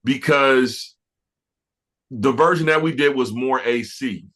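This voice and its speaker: Bright-voiced man telling studio stories. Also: medium pitch, slow. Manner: relaxed, reflective, many fillers and restarts. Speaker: music producer, interview guest. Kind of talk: casual interview storytelling.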